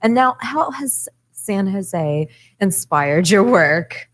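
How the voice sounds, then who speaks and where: Casting: mid-pitched woman, playful radio co-host, chatty interviewer. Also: lively intonation, takes it slowly. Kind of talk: casual interview chat. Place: radio studio.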